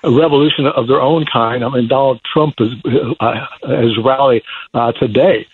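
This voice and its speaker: An older man, a newspaper columnist, speaking as a guest in a radio interview, halting with many fillers and restarts. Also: mid-range voice, breathy edge, no echo. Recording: dull lo-fi radio sound with faint noise.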